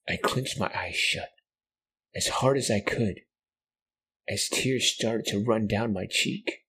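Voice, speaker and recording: A man narrating a horror story in a slow, hushed, dramatic way. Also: fairly low pitch, husky. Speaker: podcast narrator.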